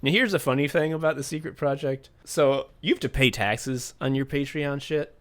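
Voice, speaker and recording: A man co-hosting a podcast in casual comedic chat, reading patron names with deadpan absurd jokes. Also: mid-range voice, moderate pace. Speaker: podcast co-host.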